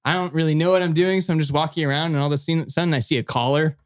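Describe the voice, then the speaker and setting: A man, a podcast guest, telling a story in a casual, lively way and often acting out other people's lines. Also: on the high side, very fast. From United States.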